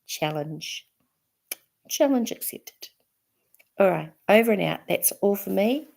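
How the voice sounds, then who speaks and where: A woman's voice: medium pitch, moderate pace, gravelly, a little mellow. A woman with a New Zealand accent chatting to camera in an encouraging, chatty way. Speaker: vlogger. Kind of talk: casual chat to camera.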